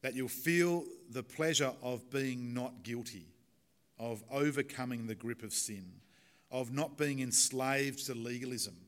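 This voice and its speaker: A man's voice: medium pitch, unhurried. A man preaching a chatty sermon in a casual, talkative manner, with fillers, then leading a prayer. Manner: chatty and warm-hearted, with fillers and small laughs. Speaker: pastor.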